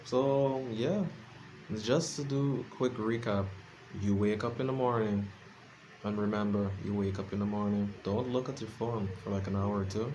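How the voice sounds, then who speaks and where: A drowsy vlogger talks from his room at home late at night, rambling in a self-deprecating way with plenty of fillers and false starts. He has a lowish, slightly mellow voice at normal speed, with a little hiss or hum in the audio.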